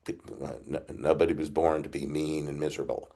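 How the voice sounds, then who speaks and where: An older man, a priest, giving a reflective retreat talk over a video call, halting with frequent restarts. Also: extremely low pitch, steady tone. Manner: halting, many restarts, gentle laughs.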